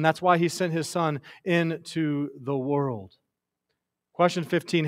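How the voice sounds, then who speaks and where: A man preaching a sermon with passion, rising to loud declarations and dropping to hushed, tender lines. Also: fairly high pitch. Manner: impassioned, swings from loud to hushed.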